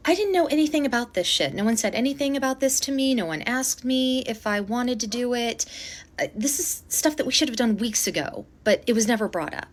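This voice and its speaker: A woman telling a personal story in a casual storytime, animated and dramatic, with blunt swearing. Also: on the high side, brisk.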